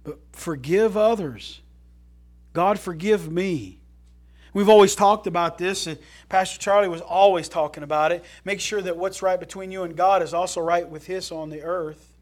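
Man, pastor, folksy sermon delivery, somewhat high voice, big swings from loud emphasis to quiet asides. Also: moderate pace. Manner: folksy, animated preaching with asides and jokes.

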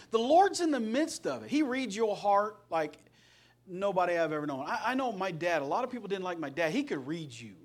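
High-voiced folksy preacher from Indiana. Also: male voice. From Indiana, USA. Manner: folksy, storytelling, joking. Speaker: pastor. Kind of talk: sermon.

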